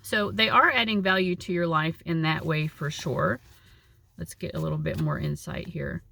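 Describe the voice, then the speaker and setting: A woman's voice: low voice, sing-song, moderate pace, gravelly, pushed and bright, a little hiss or hum. A woman giving a casual, chatty tarot reading, with a lot of likes and you knows. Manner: chatty, uses many fillers. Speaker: tarot reader.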